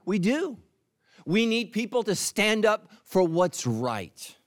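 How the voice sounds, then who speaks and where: A man preaching a sermon in a high, bouncing voice that swings up and down. He talks in a punchy, teasing way with playful asides. The sound is dry and close, with no room echo. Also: big pitch swings, takes it slowly. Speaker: pastor.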